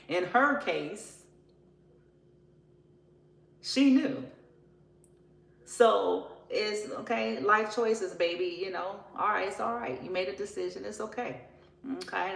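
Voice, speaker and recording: A woman's voice: medium pitch, vocal fry, a bit bright, roomy sound, rough recording. A woman giving a casual tarot reading, blunt and profane, often laughing as she talks. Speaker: tarot reader.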